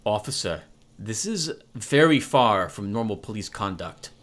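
A man reading a video game aloud and voicing a calm, disapproving police lieutenant in a lower, measured voice. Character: calm, stern middle-aged male police lieutenant.

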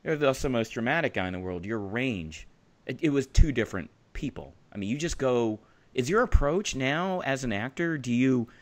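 A man co-hosting a casual podcast chat, excitable and quick to burst out laughing. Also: medium pitch. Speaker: podcast co-host.

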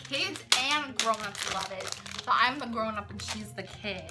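A woman's voice: medium pitch, normal speed, very noisy. A young woman hosting a casual candy taste test, chatty and giggly, often exclaiming. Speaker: vlogger host.

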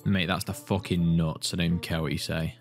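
A man's voice: sits low, little pitch movement, normal speed, vocal fry, faint music behind. A young man, hosting a gaming video in sweary, jokey banter. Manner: swears freely, jokey, talks to himself while drawing. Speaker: video host.

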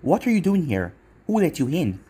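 A feisty young female ninja, blunt and suspicious, as a man reads her lines. The voice stays near an ordinary man's register, slightly husky, with lively intonation. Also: fairly high pitch, normal speed, exaggerated voice.

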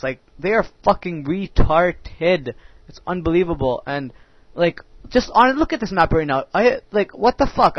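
A man's voice: sits high, dry recording. A young man giving profane, ranting commentary over his own match, full of filler words. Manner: ranting, crude, heavy use of filler words. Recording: dull dry lo-fi mic.

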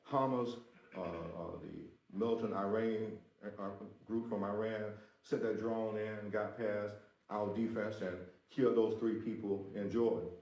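A man preaching a sermon as pastor, emphatic, repeating his phrases and speaking straight to the congregation. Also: on the low side. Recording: roomy echo.

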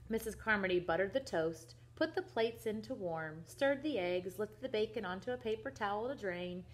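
A young woman reading a children's book aloud in a soft, gentle voice that at times drops almost to a whisper. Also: medium pitch, animated, moderate pace. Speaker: reader to children.

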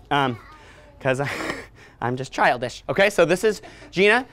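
A woman in her thirties teaching young children letter sounds in a library, playful and animated, making silly sounds and growls for them to copy. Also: low-pitched, measured pace, pauses often. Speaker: children's entertainer. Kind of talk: interactive children's phonics lesson. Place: public library room with children. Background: faint ukulele.

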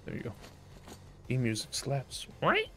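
A man's voice: medium pitch, huge pitch swings, measured pace, pushed and bright, slight background noise. A man streaming a video game live, chatting casually with viewers, cracking profane jokes and laughing often. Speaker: gaming streamer.

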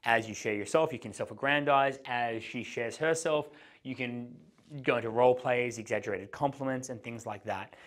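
A man's voice: mid-range voice, moderate pace. A man teaching conversation skills as a dating coach, giving a whiteboard lesson and acting out sample lines. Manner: animated, acts out both sides of conversations.

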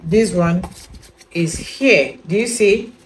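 A woman's voice: fairly low pitch, takes it slowly, slight background noise, rough recording. A woman chatting casually about a skincare product, rambling and often asking viewers whether they follow her. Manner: chatty, rambling, with many repeated "you know" fillers; addresses viewers directly, asks if they understand. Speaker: beauty product reviewer. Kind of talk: casual product review vlog.

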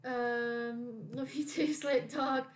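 A woman's voice: fairly high pitch, fairly even intonation, extremely slow. A young woman streaming a game, chatting casually and reading chat aloud.

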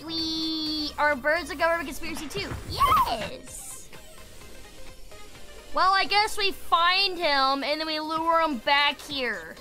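A woman's voice: sits high, unhurried, few pauses, music in the background. A woman streaming a game, chatting playfully with her audience and slipping into silly voices. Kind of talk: casual gaming stream chat.

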